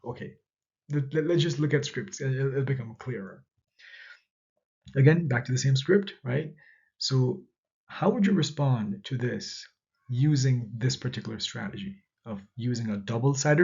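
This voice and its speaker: A man's voice: medium pitch, vocal fry, darkish tone, highs cut off. A man teaching a recorded lecture in a conversational way, often restarting phrases and asking rhetorical questions. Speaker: instructor.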